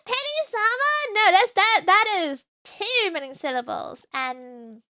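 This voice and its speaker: Young woman streamer: piercingly bright, very high voice, bubbly, apologetic, stumbling over her words. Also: expressive, takes it slowly. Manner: bubbly, apologetic, stammering restarts. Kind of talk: livestream teaching idol fan chants.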